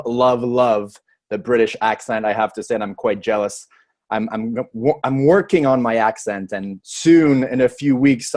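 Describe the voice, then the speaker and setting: A middle-aged man from Montreal with a French Canadian accent hosts a presentation call in a friendly, chatty way, often pausing on "uh." His voice sits at an ordinary middle pitch. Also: darkish tone. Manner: friendly and chatty, with frequent uh fillers. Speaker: host of a product presentation call. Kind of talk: phone presentation.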